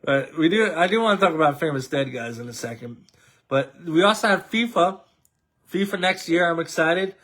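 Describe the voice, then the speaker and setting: A man's voice: fairly high pitch, expressive, normal speed, a bit bright. An American man hosting a casual sports chat, rambling and addressing his co-host with many fillers. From United States. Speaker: podcast host.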